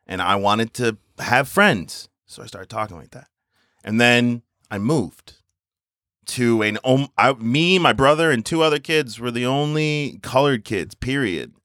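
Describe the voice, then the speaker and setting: A man co-hosting a casual chat, animated and swearing freely, speeding up when he gets worked up. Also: mid-range voice, measured pace, no room sound, clean studio sound.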